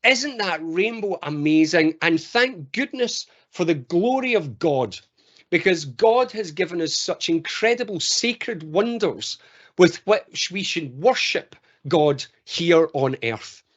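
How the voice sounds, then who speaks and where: A Scottish man voicing a devout worshipper who speaks slowly and solemnly. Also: on the high side, lively intonation, fairly bright tone, heavily acted. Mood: reverent. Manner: slow and solemn. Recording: dull lo-fi call audio.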